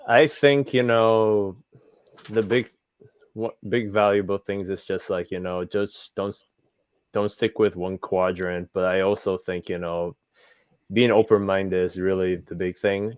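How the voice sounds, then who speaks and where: A man's voice: low-pitched, fairly even intonation, a little slow, smooth, dry recording, lo-fi sound. A man as a guest in a casual chat, rambling with many fillers. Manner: rambling, heavy fillers like "you know".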